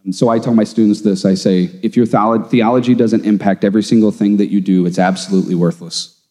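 A man's voice: on the low side, quick pace. A man who teaches theology, talking casually and emphatically, telling stories in a podcast conversation. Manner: animated, emphatic storyteller. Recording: long room reverb.

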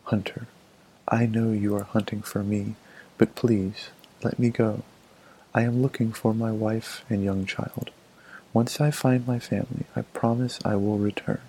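A man voicing a majestic male deer who quietly and earnestly asks a hunter to spare him, in a gravelly storybook reading. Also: on the low side, little pitch movement, unhurried, slight background noise, low-quality recording.

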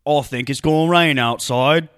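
A man doing a dim, loud British bloke. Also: on the high side, moderate pace, clear, resonant tone, no echo, studio quality, close to an everyday voice. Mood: blank. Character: dim-witted young British man, slow and blank.

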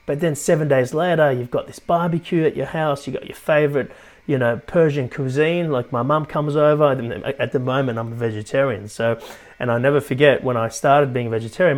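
A man hosting a motivational podcast as a life coach, talking animatedly and tagging his points with "right?". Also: mid-range voice. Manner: keeps adding "right?", animated.

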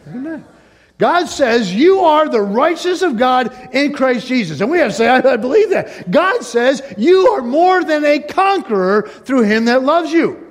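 A man preaching a sermon as pastor, animated, acting out the voices of doubting listeners. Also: extremely high pitch, normal speed.

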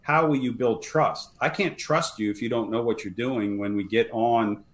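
A man's voice: medium pitch, fairly even intonation, moderate pace. Emphatic man talking fire service leadership. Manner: earnest, emphatic, repeats words when starting sentences. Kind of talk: podcast interview.

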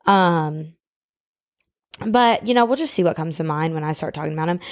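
A woman's voice: low voice, animated, normal speed. A young woman hosting her own podcast from home. She rants casually and bluntly, with plenty of fillers. She sounds a little hot and sweaty as she talks. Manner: brash, chatty, opinionated, lots of fillers. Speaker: podcast host. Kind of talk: casual solo podcast rant.

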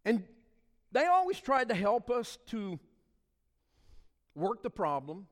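A middle-aged man preaches in a fairly high, animated voice that rises into loud declarations and drops into quiet asides. His voice rings with the long reverb of a large hall. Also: slow pace. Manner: preaching with sweeping swings between loud and soft. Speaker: pastor. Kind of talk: sermon.

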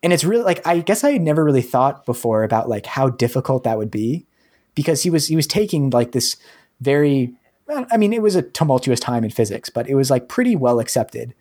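A man's voice: mid-range voice, sing-song, fairly quick, darkish tone. Brief: man, podcast host, mid-range voice, loose and rambling. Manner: rambling, heavy use of 'like' and 'um'. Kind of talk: casual podcast chat.

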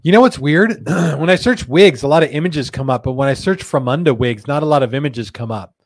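A man's voice: a little high, brisk, dry recording. Chatty man hosting a live show. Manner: laid-back, joking, reads viewer comments aloud. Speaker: host. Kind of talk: casual live chat show. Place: company studio.

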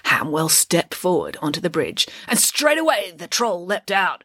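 Woman storyteller, playful and wry, very animated pitch, dry close sound. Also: husky, no room sound. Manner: expressive, wry and playful, with dramatic pauses. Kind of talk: storybook narration.

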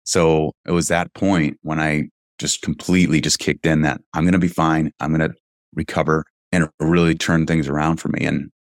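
A man's voice: a bass voice, level tone, normal speed, no echo, clean studio sound. A middle-aged man from California, telling his story as an interview guest in an earnest, reflective, casual way. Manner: earnest, reflective, with frequent "you know" fillers. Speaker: interview guest, real estate investing founder.

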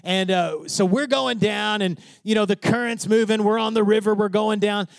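High-voiced man preaching a sermon. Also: steady tone, moderate pace, gravelly, dry recording. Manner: preaching with rising fervor, questions to the congregation. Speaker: pastor.

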